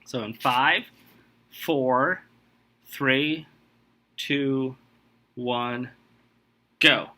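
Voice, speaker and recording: A man hosting a casual podcast quiz game, reading out clues and rules in an emphatic, animated way. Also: mid-range voice, drawn-out words, long pauses.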